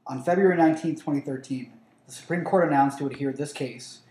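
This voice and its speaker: A man on a casual podcast who talks fast, laughs easily and stumbles over his words. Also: fairly high pitch, a little mellow, reverberant, rough recording. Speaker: podcast co-host.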